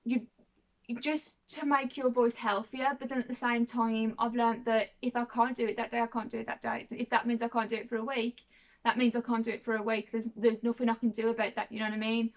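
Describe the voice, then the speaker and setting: A woman's voice: a little high, little pitch movement, a little fast. A woman in her twenties talking casually to camera as a vlogger, chatty and rambling, repeating herself and often checking in with "you know what I mean". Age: 20s.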